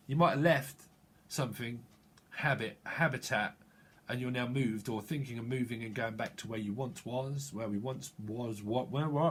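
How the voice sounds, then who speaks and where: A man's voice: mid-range voice, fairly even intonation, normal speed, a bit bright. A man giving a tarot reading, free-associating through wordplay and chuckling as he goes. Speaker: tarot reader.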